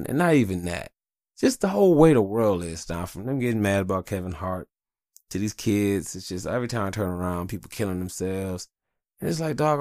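Low-voiced man in a profane, rambling rant. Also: no echo, clean studio sound. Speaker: podcast host. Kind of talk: casual solo podcast rant.

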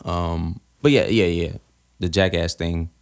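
A man's voice: sits low, fairly even intonation, unhurried, clean tone. A man co-hosting a casual podcast, talking in a laid-back, slangy, rambling way. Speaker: podcast co-host. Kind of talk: casual chat.

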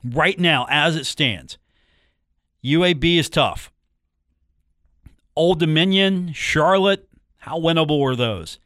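A man's voice: on the high side, expressive, slow, long pauses, a bit bright, no room sound, studio quality. A man hosting a sports talk radio show, chatting casually and joking with listeners between game talk. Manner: chatty, joking, repeats phone numbers and catchphrases. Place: radio studio. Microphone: studio microphone.

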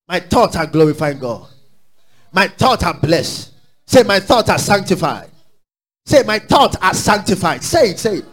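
A Ghanaian pastor with a high-pitched voice delivers an exhorting sermon. He leads call-and-response with the congregation. He drops into low asides, then climbs to loud, declaring lines.

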